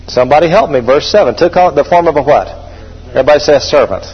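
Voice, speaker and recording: A man's voice: a little high, lively intonation, a little fast, pauses often, slightly rough. A middle-aged man preaching a sermon as pastor, emphatic and calling out to his congregation for responses. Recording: dull echoey hall recording.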